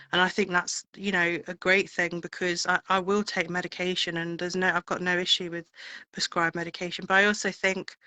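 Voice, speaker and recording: A woman's voice: on the low side, bright, forceful tone, no echo, rough recording. A woman singer being interviewed, chatting in a rambling way with plenty of fillers. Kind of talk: casual interview chat.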